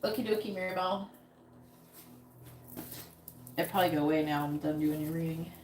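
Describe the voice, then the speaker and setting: A woman's voice: low-pitched, very fast, a little mellow, roomy sound, a little hiss or hum. A woman giving a casual live-stream tarot reading, chatty and rambling, talking straight to her viewers. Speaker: psychic reader on a live stream.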